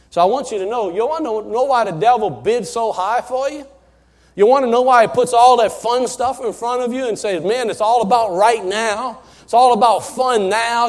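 High-voiced man preaching a sermon. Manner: emphatic, swinging between loud bursts and soft asides; folksy, conversational preaching with rhetorical questions. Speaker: pastor. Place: church before a congregation.

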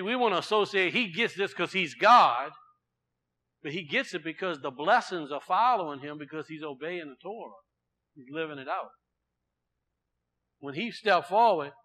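A male preacher delivers a sermon in a high, bright, forceful voice. He swings between loud proclaiming and quiet, low asides, and he often repeats his words for weight. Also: animated, moderate pace, long pauses, rough recording.

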